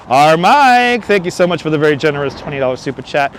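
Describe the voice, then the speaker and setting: A man's voice: high-pitched, animated, moderate pace, a bit bright, faint music behind. A man hosting a live walking stream outdoors, chatting and joking while reading viewer comments aloud, on a wireless lapel mic. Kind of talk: casual live-stream chat. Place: outdoors walking a windy city bridge. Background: city traffic and passing subway trains.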